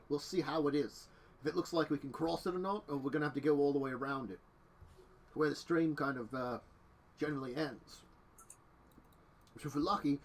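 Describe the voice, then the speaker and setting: A game master narrating a tabletop game, rambling and filling every pause with "like". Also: mid-range voice, low-quality recording. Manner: rambling, full of "like" fillers.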